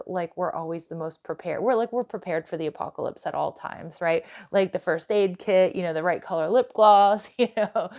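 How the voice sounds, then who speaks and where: A woman's voice: on the low side, darkish tone. A woman doing a casual tarot reading for her viewers, chatty and direct, with plenty of "like" and "you know". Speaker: tarot reader.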